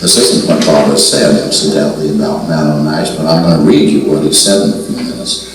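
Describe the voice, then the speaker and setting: A man's voice: very deep voice, brisk. An older man giving a seminar talk, telling a personal story in a reflective way, often repeating phrases and acting out the dialogue he quotes. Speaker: seminar speaker. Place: meeting room at a spiritual center. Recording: very echoey room, mic far off, faint hiss.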